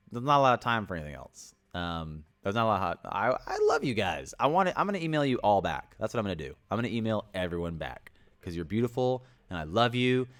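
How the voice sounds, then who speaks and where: A young man hosting a casual livestream, rambling and energetic, greeting viewers by name and sometimes yelling. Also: on the low side, clear, resonant tone. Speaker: livestream host.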